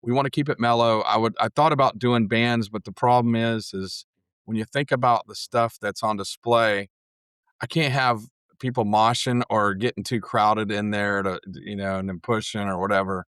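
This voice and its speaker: A man's voice: lowish voice, normal speed, smooth, dry recording, studio quality. A man, a guest on a podcast, chatting casually and telling stories with plenty of swearing. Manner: profane, animated storyteller. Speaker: podcast guest, metal museum organizer. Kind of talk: casual chat.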